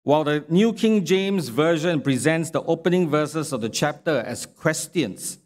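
A man preaching a sermon in a church, speaking in a slow, measured way and reading scripture aloud with sarcastic emphasis. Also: a little high. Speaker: pastor. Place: church sanctuary.

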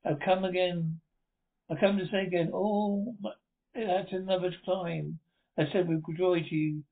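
A man's voice: high voice, steady tone, unhurried, vocal fry. Earnest young lover, read by a man; passionate, tinny phone-like sound. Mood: impassioned. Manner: impassioned, declaiming. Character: earnest young male suitor, devoted. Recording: tinny lo-fi recording.

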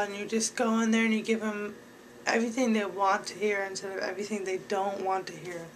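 A man's voice: sits high, little pitch movement, brisk, bright, forceful tone, slight background noise, low-quality recording. A young man giving casual advice straight to his viewers in a rambling way, with lots of fillers. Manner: rambling, filler-heavy, talks to viewers directly.

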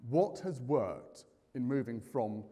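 A man's voice: mid-range voice, slow pace. A man hosting a live conference, chatty and jokey, putting questions to the audience. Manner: lively, jokey, quizzing the audience. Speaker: conference host. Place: large conference hall. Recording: reverberant hall.

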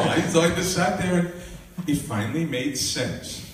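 A man's voice: on the high side, expressive, moderate pace, a loud crowd. A man in his sixties, a minister, telling his life story with animation, acting out the dialogue and laughing often. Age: 60s. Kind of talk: testimony storytelling. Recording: echoey room, voice from a distance.

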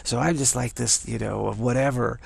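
A man's voice: mid-range voice, fairly even intonation, brisk, creaky, slightly rough, no room sound. A man giving a casual spiritual talk, rambling, chuckling and repeating phrases. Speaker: spiritual teacher.

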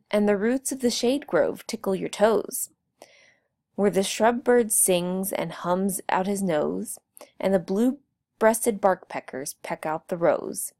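A woman reading the lines of a calm, friendly male logger in a storybook, patient and soothing. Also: mid-range voice, slow pace. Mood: welcoming.

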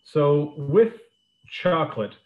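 A man's voice: a little high, slow, slight background noise. Chatty man teaching over a tinny call. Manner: relaxed, many ums and uhs, loose explanations. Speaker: beverages director teaching a cocktail class. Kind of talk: live online cooking demonstration. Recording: echoey room over a phone-like line.

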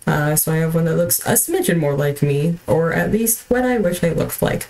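A young woman's voice, pitched a touch low for her, drifts through casual gaming chat from a home setup. She rambles and restarts, scatters fillers, and keeps apologizing with a self-deprecating laugh. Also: steady tone, measured pace, darkish tone, slight background noise, poor audio. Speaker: streamer.

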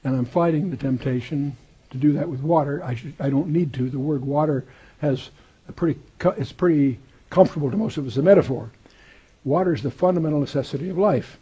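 Husky-voiced male Bible teacher, lo-fi. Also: on the high side, brisk, warm tone. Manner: conversational, wry asides and digressions. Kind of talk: verse-by-verse Bible study lecture.

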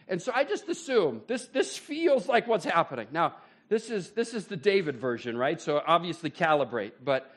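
A man pastor preaching a sermon in a church, telling the story with animated bursts of excitement. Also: mid-range voice, brisk. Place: church sanctuary.

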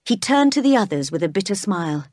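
A woman narrating a storybook read-aloud in a steady, clear way. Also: mid-range voice, fast talker, no echo, clean studio sound.

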